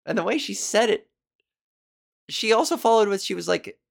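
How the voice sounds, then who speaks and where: A woman's voice: mid-range voice, animated, fast, vocal fry. A woman comedian hosting a podcast, telling stories in a casual, chatty way with wry, self-mocking asides. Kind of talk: casual comic storytelling.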